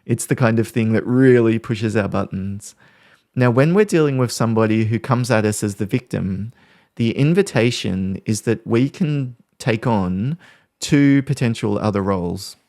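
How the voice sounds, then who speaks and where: Low gravelly-voiced man hosting a podcast. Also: moderate pace, no room sound, studio quality. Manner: calm, explanatory, talks through examples. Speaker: podcast host. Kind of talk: podcast talk on parenting conflict.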